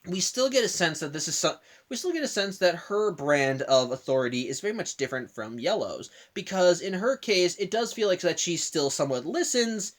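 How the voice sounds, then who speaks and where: A man's voice: high-pitched, animated. A man giving a casual spoken review who keeps stopping and correcting himself mid-sentence, recorded in an indoor room. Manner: rambling with frequent self-corrections; acts out the characters' lines in quick bursts. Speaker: video reviewer. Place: indoor room by a curtained window.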